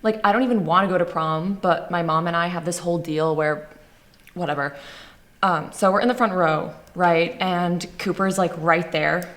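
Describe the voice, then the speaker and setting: A young woman playing a sarcastic, angry high school girl, narrating and acting in a student film. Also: moderate pace, a bit bright, natural voice. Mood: indignant. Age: young adult. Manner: sardonic, bitter.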